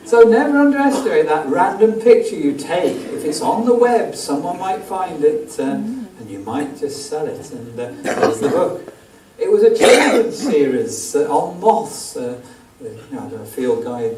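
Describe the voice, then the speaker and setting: A wildlife photographer, invited as guest speaker, gives a club audience a rambling, self-deprecating slide talk on moths, full of ums. His voice is fairly high, animated and warm, at a moderate pace. It was recorded from far off in an echoey theatre auditorium with faint hiss.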